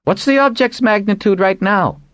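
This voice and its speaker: A man voicing an excitable male astronomer with a light voice in an audiobook. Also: high voice, normal speed, no room sound, pitched above the performer's own voice. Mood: excited. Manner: excited, eager.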